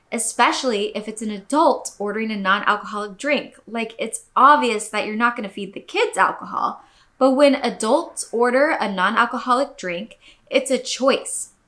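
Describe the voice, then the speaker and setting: A young woman hosting a podcast, reading a listener's story aloud and then telling her own, casual and animated, with plenty of swearing and acted-out quotes. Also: a little high. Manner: animated, swearing, expressive quoting.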